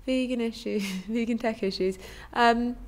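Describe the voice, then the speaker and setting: Woman, thirties, slight lisp, stuffy with a cold, sing-song, excitable co-host. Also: on the high side, a little slow. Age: 30s. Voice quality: slightly lisping. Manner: excitable, chatty, many fillers. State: has a cold. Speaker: co-host of an improvised podcast. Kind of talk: casual chat.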